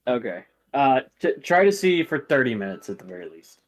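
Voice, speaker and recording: A man's voice: mid-range voice, big pitch swings, fairly quick. A man narrating as game master of a tabletop game, hesitant and full of fillers.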